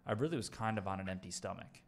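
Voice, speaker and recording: A young man with a fairly low voice tells a rambling story in loose, casual chat. He swears often, restarts his sentences and laughs at his own misadventure. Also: quick pace. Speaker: streamer telling a story.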